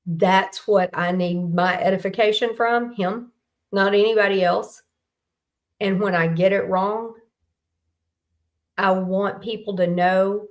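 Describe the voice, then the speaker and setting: A middle-aged woman, hosting a casual faith talk in a folksy, candid storytelling way. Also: mid-range voice. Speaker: host.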